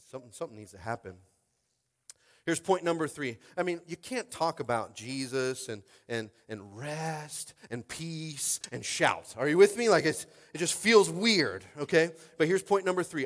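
A male pastor preaching a sermon in a conversational style, swinging between loud exhortation and hushed speech and often asking the crowd if they are with him. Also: medium pitch, expressive, moderate pace, in a large hall. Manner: conversational, asks the crowd for response.

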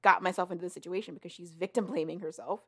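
A woman's voice: fairly low pitch, fairly even intonation, very fast, slightly rough. A woman co-hosting a podcast, retelling a book's plot in a rambling, casual way with plenty of swearing. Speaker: podcast co-host. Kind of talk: casual book recap chat.

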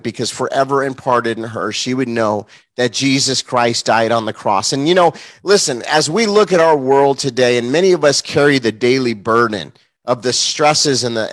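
A man preaching a morning sermon, telling a heartfelt personal story in an earnest, emotional way, with many fillers and restarts. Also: mid-range voice.

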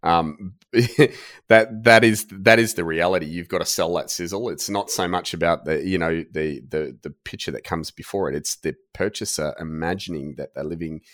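A man's voice: extremely low pitch, moderate pace, no echo, clean studio sound. An Australian man, a company founder guest, talking casually and jokily in a podcast interview.

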